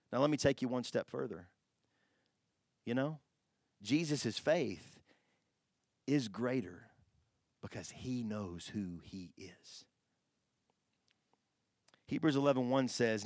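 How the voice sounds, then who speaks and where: A pastor preaching a sermon, animated, swinging from hushed asides to loud exclamations. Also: male voice, medium pitch, no room sound, studio quality.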